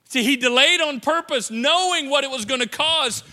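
Preacher, male, high and bright, chatty and playful, slips into character voices; church-hall echo. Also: normal speed. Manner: conversational and playful, acts out quotes in voices. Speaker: pastor. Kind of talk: sermon. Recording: long hall reverb.

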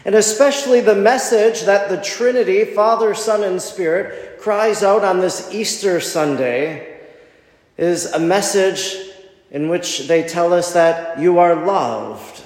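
Male priest, high voice, unhurried reflective homily, long church reverb. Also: a little mellow. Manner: reflective, wondering, measured. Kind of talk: Easter homily.

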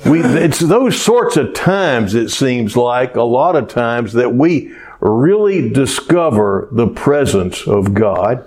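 Slow, folksy male preacher. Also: mid-range voice, big pitch swings, darkish tone. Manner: folksy storytelling with rhetorical questions. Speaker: pastor. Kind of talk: sermon.

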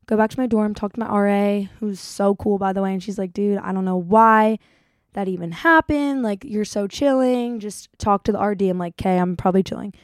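A young woman vlogger tells a long story directly to her audience, chatty and animated, doing voices for the people in it. Her medium-pitched voice moves briskly, and the recording is dry and close with no room echo.

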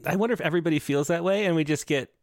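Man, host, gravelly, hesitant, musing, dry close sound. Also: fairly high pitch, very fast, no room sound. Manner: musing, hesitant, many fillers. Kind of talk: casual interview chat.

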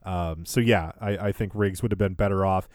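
A man's voice: low-pitched, fairly quick, a little mellow, no room sound. Man recapping a wrestling show, dry sound. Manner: recaps events in order, laughs easily. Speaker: podcast host. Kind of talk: casual recap chat.

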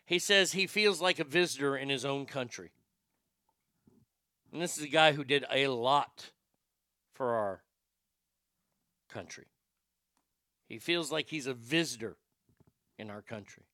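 A man hosting a show, ranting in a profane, comedic way and swinging from shouting to muttering. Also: medium pitch, a little slow, long pauses, no echo, studio quality. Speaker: show host.

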